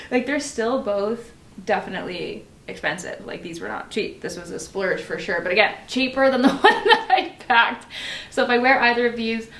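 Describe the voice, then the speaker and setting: A woman talking casually to camera as a beauty vlogger, chatty and effusive, with many likes and quick asides. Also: mid-range voice, a bit bright. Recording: roomy echo, faint noise.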